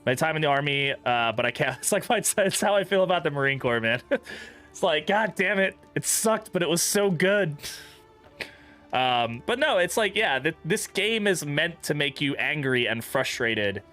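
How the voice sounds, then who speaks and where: A man's voice: fairly high pitch, big pitch swings, normal speed, pushed and bright, soft background music. A young man streaming a game, chatting casually, swearing freely and laughing often. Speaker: gaming streamer. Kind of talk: casual let's-play commentary.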